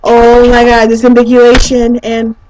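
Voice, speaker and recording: A young woman vlogs about her weekend in a gushing, breathless way, dropping swear words as she goes. Her voice sits a touch high for a woman, and she piles one excited remark onto the next. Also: measured pace, soft background music, poor audio. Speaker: vlogger. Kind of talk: excited personal storytelling.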